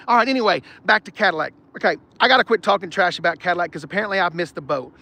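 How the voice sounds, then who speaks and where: High, bright man on a car lot. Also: rapid-fire, gravelly, few pauses. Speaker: car channel host. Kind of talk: live-stream chat walking a car lot. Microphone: no external mic, wind on the mic.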